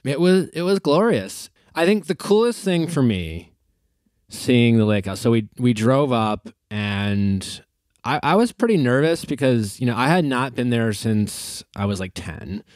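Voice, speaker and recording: A man in his forties hosting a podcast from a hotel room, telling a personal story in an easygoing, halting way with frequent restarts. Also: medium pitch, sing-song, a little mellow, no room sound, clean studio sound. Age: 40s. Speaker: podcast host. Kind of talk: casual podcast chat.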